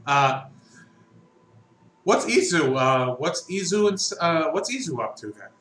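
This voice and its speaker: A man running a tabletop game as game master, rambling and quick, with lots of fillers. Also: on the high side, sing-song, fairly bright tone. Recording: echoey room, faint background noise.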